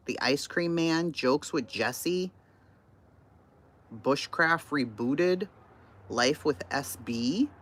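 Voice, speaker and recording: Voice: medium pitch, a bit bright. A channel host reacting in casual commentary, incredulous and swearing, firing off exclaimed questions.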